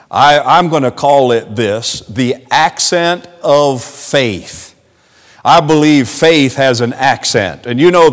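A male pastor from West Virginia, USA, whose first language is Amish German dialect, preaches a sermon in a church sanctuary with an earnest, homespun manner. He has a mid-range voice and a West Virginia Southern accent, and the recording carries the long reverb of a church hall.

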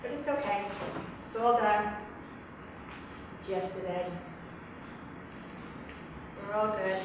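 A middle-aged woman in an emotional tapping exercise, speaking haltingly and repeating phrases back in anger. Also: medium pitch. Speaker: workshop volunteer. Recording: echoey room, distant mic, some noise.

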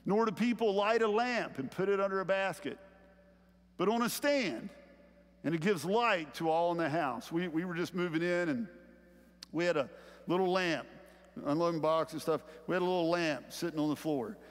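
A man with a Southern US accent preaches in a relaxed, conversational way and drags out the phrases he wants to land. His voice sits high for a man. The sound carries the long reverb of a large church sanctuary. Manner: conversational preaching, slowing down to stress key phrases. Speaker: pastor. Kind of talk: sermon.

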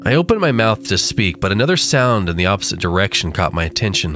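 Deep-voiced dramatic horror narrator. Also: male voice, big pitch swings, over music. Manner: slow, dramatic delivery.

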